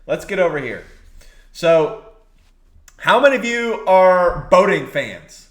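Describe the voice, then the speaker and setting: A man's voice: high voice, very animated, slow pace, reverberant. A man preaching a sermon, exhorting his listeners and repeating key phrases for emphasis.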